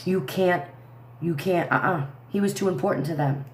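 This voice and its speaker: A woman's voice: lowish voice, normal speed, darkish tone, echoey room. A woman in her thirties hosting a casual livestream, talking to her viewers in an indignant, rambling way. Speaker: livestream commentary host.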